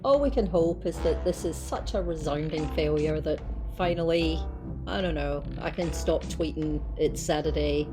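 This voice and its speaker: A woman hosts a podcast in a somewhat low voice. Her humour is dry and wry, and she is quick to agree. Soft music sits faintly under her. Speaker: podcast host. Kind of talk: casual chat.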